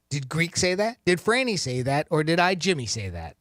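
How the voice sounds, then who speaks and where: Upbeat radio host, high voice, dry close mic, quick with callers. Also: male voice, big pitch swings, fairly bright tone, no echo. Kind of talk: radio contest hosting. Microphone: studio microphone.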